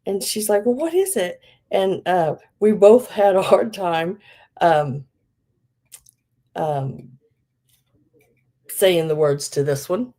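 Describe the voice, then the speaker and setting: A woman's voice: fairly low pitch, fairly even intonation, slow, long pauses, warm tone. A middle-aged woman hosting a live vintage sale, chatting casually with many fillers and laughing at herself. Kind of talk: casual live-stream selling.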